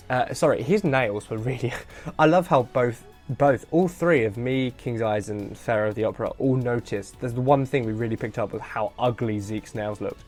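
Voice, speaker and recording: A man rambles through a late-night solo podcast, joking at his own expense and sounding tired and loopy. He talks into a headset mic at an ordinary middle pitch, with soft music faintly underneath. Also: moderate pace. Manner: rambling, self-deprecating, jokey. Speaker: podcast host. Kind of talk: casual solo commentary.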